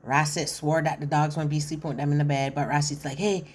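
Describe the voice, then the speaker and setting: Woman commentator, lower voice, chatty and opinionated, casual TV recap. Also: level tone, fast talker, darkish tone. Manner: chatty and opinionated, acts out quotes, often says "listen". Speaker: reality TV commentator.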